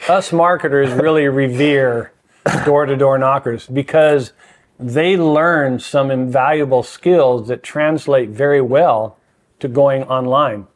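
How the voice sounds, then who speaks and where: An older man guesting on a podcast as a mentor, speaking in an earnest, measured, emphatic way. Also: mid-range voice. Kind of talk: reflective conversation.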